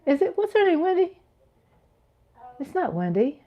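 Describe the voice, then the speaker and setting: A woman in her fifties hosts a casual livestream, reading chat comments aloud with playful giggles and little sung riffs. Her voice is very high-pitched and sing-song, at normal speed, with phone-quality sound.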